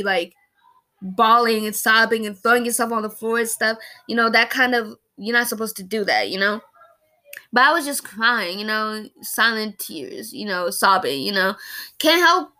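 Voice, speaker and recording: A woman's voice: a little high, bright, forceful tone. A woman in her early twenties talking casually about a personal loss, rambling and emotional, with many fillers and restarts. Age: early 20s. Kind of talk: casual personal talk to camera.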